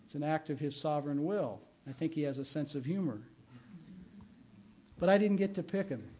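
Mellow-voiced middle-aged man preaching. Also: on the high side, normal speed, a little hiss or hum. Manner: conversational preaching with personal anecdotes. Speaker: pastor. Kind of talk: sermon.

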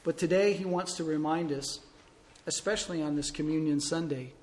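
A man preaching a sermon as a pastor, telling a story with big swings between loud emphasis and soft, slow pauses. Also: a little high.

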